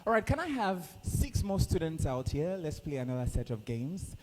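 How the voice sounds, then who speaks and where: Speaking at a moderate pace in a voice on the high side, this Nigerian-accented event host keeps a live conference lively, coaxing the audience and players through games. The recording carries the echo of the conference hall plus a faint noise.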